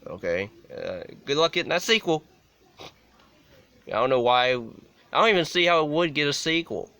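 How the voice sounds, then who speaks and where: A man's voice: a little high, animated, normal speed, bright, forceful tone. A young adult man giving a casual, unscripted movie review, rambling with many restarts and "like" fillers.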